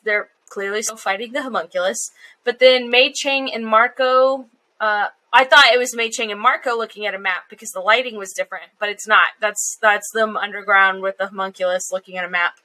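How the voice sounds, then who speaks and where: A chatty woman co-hosting a podcast, talking through an episode with laughs and quick asides. Her voice sits a little high and sounds bright and forward. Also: fairly even intonation. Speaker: podcast co-host. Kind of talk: casual episode recap.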